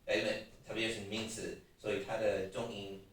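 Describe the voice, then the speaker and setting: A man's voice: lowish voice, flat delivery, normal speed, fairly bright tone, a little hiss or hum. Male English teacher, patient and coaxing; heard from afar in a reverberant classroom. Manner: explains patiently, prompts students to repeat. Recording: very echoey room, from far off.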